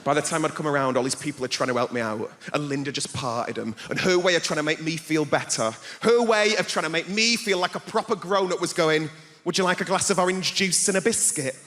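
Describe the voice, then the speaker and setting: A man's voice: fairly high pitch, brisk, hardly any pauses, background noise. A young man doing stand-up, telling a story with put-on voices for the people in it. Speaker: stand-up comedian. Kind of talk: stand-up set. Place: large theater stage. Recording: echoey hall with loud crowd laughter.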